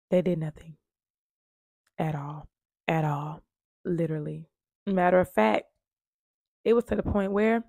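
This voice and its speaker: A woman recounts her own survival story in an earnest, emphatic way, repeating her key points. Her voice has a gravelly fry and sits at a middle pitch. The recording is close and dry, with no room sound. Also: a little mellow, no room sound. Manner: emphatic, repetitive, earnest retelling. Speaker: domestic violence survivor sharing her story. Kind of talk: emotional personal storytelling.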